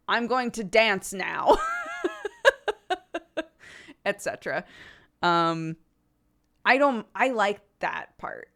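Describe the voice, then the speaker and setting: A woman's voice: mid-range voice, a bit bright. A young adult woman streamer chatting casually, theatrical and self-deprecating, often laughing and acting out quotes. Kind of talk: casual chat.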